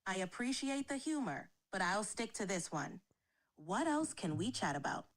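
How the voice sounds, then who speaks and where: A text-to-speech woman's voice answering as an AI chat assistant, polite, even and accommodating. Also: medium pitch, moderate pace. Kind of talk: chatbot replies, polite and scripted.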